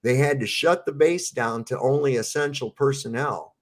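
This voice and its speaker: A man's voice: mid-range voice, normal speed. A man telling a long, rambling story in a casual panel chat, swearing freely.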